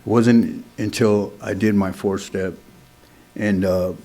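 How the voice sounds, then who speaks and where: A man's voice: lowish voice, fairly even intonation, slow pace, dark tone. A middle-aged man, speaking at a recovery meeting in a casual, earnest way, often adding "man" and "you know". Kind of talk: sharing a recovery story at a meeting.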